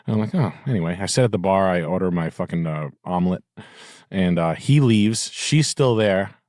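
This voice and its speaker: A middle-aged man spins a rambling anecdote on a podcast, swearing freely and sounding sardonic. His pitch swings widely as he tells it, and his voice is close and dry, with no room sound. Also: animated, moderate pace, a little mellow, no echo. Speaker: podcast host. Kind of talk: casual storytelling chat.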